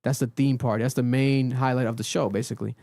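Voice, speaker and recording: A man co-hosting a podcast, recapping a reality show in casual chat and acting out quotes with sudden pitch jumps. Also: quick pace, creaky. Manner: animated storytelling, acts out quotes with big pitch jumps. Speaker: podcast co-host. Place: podcast studio.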